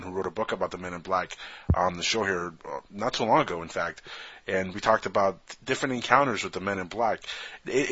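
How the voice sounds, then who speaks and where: A man's voice: on the low side, pushed and bright, dry recording, lo-fi sound. A man hosting a talk radio show, earnest, repeating words as he thinks.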